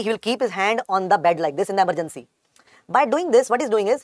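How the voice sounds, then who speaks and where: A woman with an Indian English accent lectures a medical class at a rapid clip, hammering each point home through repetition. She talks to her students fondly as "beta" while she drills the terms. The sound is dry, with little room echo. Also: mid-range voice. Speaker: medical teacher.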